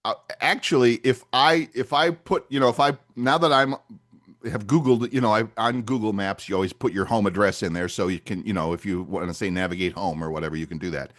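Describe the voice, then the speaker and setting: A man's voice: on the low side, brisk. An older man co-hosting a podcast, chatting casually and acting out little scenes as he tells stories. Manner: animated storyteller, acts out dialogue. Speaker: podcast co-host. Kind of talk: casual chat.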